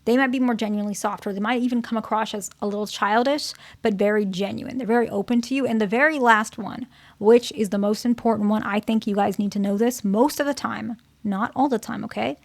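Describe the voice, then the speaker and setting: A woman's voice: a little high, fairly even intonation, fairly quick, no echo. A woman therapist giving relationship advice in a casual, conversational way, often checking in with "okay?" and "right?". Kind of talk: casual advice talk to her channel's viewers.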